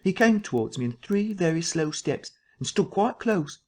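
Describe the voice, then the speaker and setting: Cuss, a man putting on a shrill, frightened storyteller. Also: moderate pace. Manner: breathless, rising into shrill excitement. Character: jittery middle-aged man telling of a fright.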